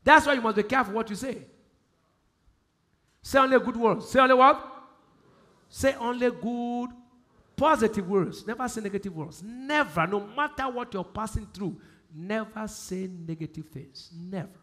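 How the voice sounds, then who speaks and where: Male pastor, Nigerian accent, sermon delivery, high bright voice, call-and-response phrasing. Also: normal speed, long pauses. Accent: Nigerian English. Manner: call-and-response questions, repeats key phrases, swings from loud emphasis to quiet.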